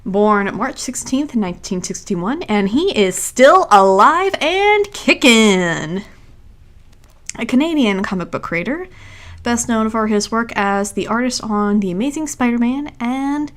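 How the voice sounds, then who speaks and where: A woman hosts a casual livestream in a mid-pitched voice. She talks in a rambling way, correcting herself as she goes. She sounds a little congested. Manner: rambling, self-correcting, chatty. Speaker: streamer host.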